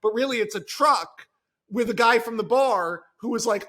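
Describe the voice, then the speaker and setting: A screenwriter talking on a podcast, telling a story with lively enthusiasm and frequent restarts. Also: male voice, very high-pitched, normal speed. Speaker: screenwriter guest. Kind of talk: podcast conversation.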